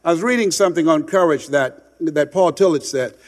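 Man, motivational speaker, impassioned, loud-to-hushed swings, reverberant hall. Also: fairly high pitch, fairly quick. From United States. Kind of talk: motivational storytelling.

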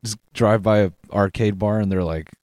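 Young man, low mellow voice, dry close mic, casual read-aloud banter. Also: steady tone, no echo. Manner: reads aloud haltingly, laughs, swears. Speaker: podcast co-host reading a story. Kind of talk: casual chat.

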